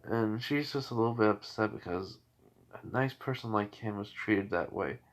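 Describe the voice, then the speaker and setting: A man's voice: lowish voice, moderate pace. A man casually retelling a fan story, rambling with fillers and restarts.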